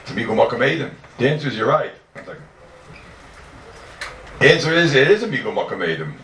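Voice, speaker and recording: A man giving an animated Talmud class, who asks and answers his own questions in a sing-song study cadence. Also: mid-range voice, quick pace, slight background noise. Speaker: Talmud teacher. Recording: roomy, distant mic with faint background.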